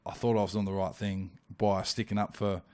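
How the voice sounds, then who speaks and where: A man's voice: lowish voice, little pitch movement, a little fast, mellow. An Australian man from Wollongong, a podcast guest telling a story in a casual, blunt and slangy way. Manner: laid-back and blunt, swears freely, slangy. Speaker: podcast guest, rugby league player.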